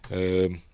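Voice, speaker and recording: A man's voice: deep voice, gravelly. A middle-aged man with a Yorkshire accent hosts a casual film breakdown. He rambles, trails off and restarts while chatting with viewers. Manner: chats with live viewers while watching. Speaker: host.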